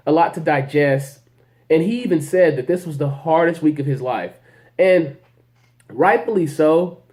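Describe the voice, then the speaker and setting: A man hosting a sports show, giving animated, opinionated commentary and talking straight to the players. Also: on the high side. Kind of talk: solo sports commentary podcast.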